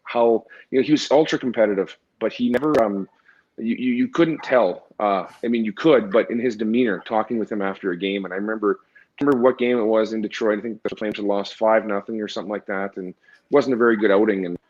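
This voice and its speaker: A man who is a former pro hockey goalie, telling rambling, animated stories with many restarts in a casual interview. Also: fairly low pitch, quick pace. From Canada. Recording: dull lo-fi audio.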